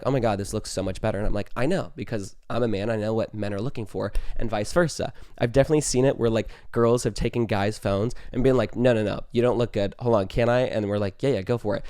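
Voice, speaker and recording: A man's voice: mid-range voice, a little mellow, no room sound, studio quality. A young man hosting a podcast, giving dating advice in a chatty, casual way, full of "like" and breaking into the odd sweary rant. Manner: chatty, heavy use of "like", swears when ranting. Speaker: podcast host.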